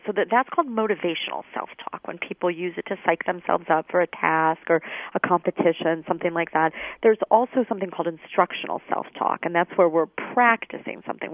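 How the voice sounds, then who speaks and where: A woman's voice: lowish voice, dry recording. A woman guest expert explaining things in a conversational way, thoughtful, with many fillers and restarts. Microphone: telephone. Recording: dry tinny phone line.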